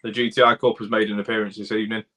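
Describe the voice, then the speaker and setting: Chatty Doncaster bloke, bright-toned. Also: male voice, fairly low pitch, level tone, rapid-fire. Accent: Doncaster, South Yorkshire. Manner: rambling, chatty, addresses viewers as buddy and mate. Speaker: livestream host, car mechanic. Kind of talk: casual livestream chat reading comments.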